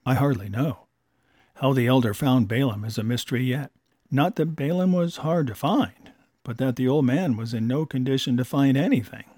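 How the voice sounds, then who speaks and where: Measured male storybook narrator. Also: mid-range voice, a little mellow, no echo, studio quality.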